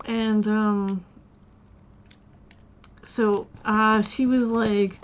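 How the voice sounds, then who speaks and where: A woman's voice: medium pitch, fairly even intonation, drawn-out words, low-quality recording. A woman live streamer chatting casually while she plays, rambling through stories with restarts and giggles.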